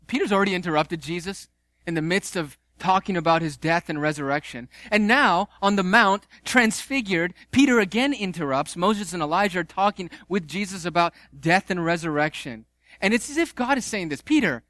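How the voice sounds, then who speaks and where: A man preaching a sermon, animated and conversational, with playful asides. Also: sits high, brisk, dry recording, studio quality. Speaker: pastor.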